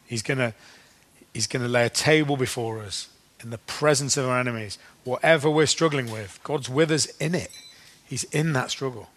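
A man preaching a sermon at an everyday, middle pitch. He talks in a loose, conversational way, with ums and restarts, and slows down to read scripture. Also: a bit bright. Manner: conversational, with fillers and restarts, slowing for scripture readings.

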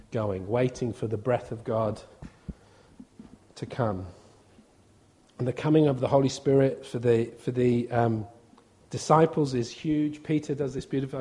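A man's voice: medium pitch, fairly even intonation, moderate pace, warm tone. A man, a visiting preacher giving an informal, humorous sermon and acting out quotes. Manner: chatty, humorous, acts out quotes.

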